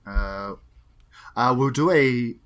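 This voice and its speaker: A man's voice: medium pitch, slow pace, a bit bright. A man playing in a tabletop game, talking casually and hesitantly with many fillers. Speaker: player.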